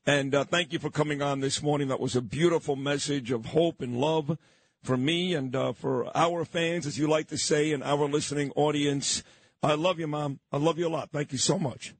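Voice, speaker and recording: A man's voice: fairly high pitch, steady tone, normal speed, no echo. A man, a radio host reminiscing in a sentimental, rambling way. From Brooklyn, New York. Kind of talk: reminiscing on-air chat.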